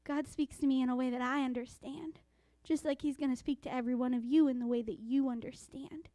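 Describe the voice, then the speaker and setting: A woman preaching a sermon, reading scripture slowly and dropping into hushed whispers for emphasis. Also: high voice, fairly even intonation, no room sound. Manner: quotes scripture in a slow, deliberate voice.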